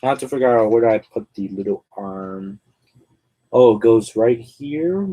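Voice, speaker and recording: Man, casual streamer, mid-pitched, rambling filler-heavy chatter while tinkering. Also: lively intonation, measured pace, dark tone. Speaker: streamer assembling a toy figure. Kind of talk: casual live-stream chat.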